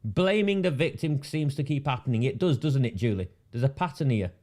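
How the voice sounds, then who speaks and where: A man's voice: mid-range voice, lively intonation, a little fast, a little mellow. A man, delivering a sarcastic, indignant rant and repeating phrases for emphasis. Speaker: independent political commentator. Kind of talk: ranting monologue.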